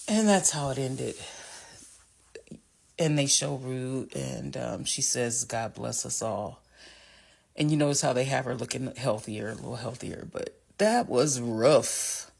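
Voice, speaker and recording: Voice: mid-range voice, creaky. A vlogger casually recapping a TV episode, talking in a chatty way with many fillers and restarts and reacting emotionally to the scenes.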